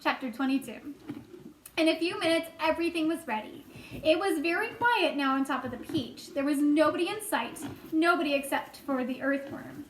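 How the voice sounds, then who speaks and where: A woman's voice: sits high, expressive, normal speed, recorded from a distance. A woman reading a children's book aloud, adding friendly asides for her listeners. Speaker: storytime reader. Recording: echoey room with faint noise.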